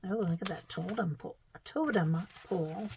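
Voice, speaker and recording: A woman's voice: lowish voice, normal speed, gravelly, dark tone, slight background noise, poor audio. A middle-aged woman with a Midwestern American accent, chatting casually as she shows old quilting magazines, thinking aloud with fillers and little exclamations. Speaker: vlogger.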